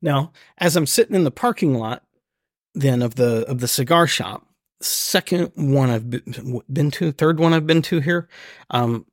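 Brief Male podcast co-host, lively storyteller, slightly husky, dry close mic. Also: unhurried, dry recording. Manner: animated, acts out his own reactions in high bursts. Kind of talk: casual chat, comic storytelling.

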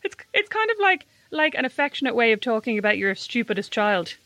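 A woman co-hosting a podcast, bantering quickly and teasingly in casual conversation. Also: a little high, big pitch swings, sharp tone, no echo. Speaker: podcast co-host. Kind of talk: casual chat.

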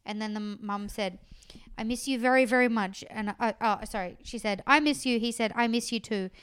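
A woman's voice: medium pitch, fairly even intonation, a little fast, clean tone. A woman co-hosting a casual chat, recapping a TV show and acting out quotes in funny voices. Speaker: podcast co-host.

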